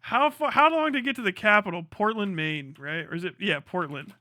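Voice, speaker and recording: A man's voice: high-pitched, a little fast, pushed and bright, no room sound, clean studio sound. A young man from the United States ranting bluntly and profanely in casual live-stream commentary.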